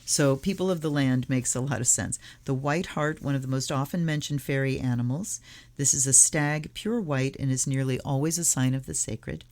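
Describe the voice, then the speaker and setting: A woman hosting her own tarot channel, casually reading aloud from a card deck and its guidebook, slowly and softly, half-whispering some card titles. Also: rumbling low.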